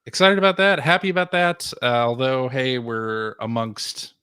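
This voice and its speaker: A man's voice: medium pitch, moderate pace, sharp tone, clear, resonant tone, dry recording, studio quality. A man co-hosting a podcast in casual chat, upbeat and laughing often. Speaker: podcast co-host.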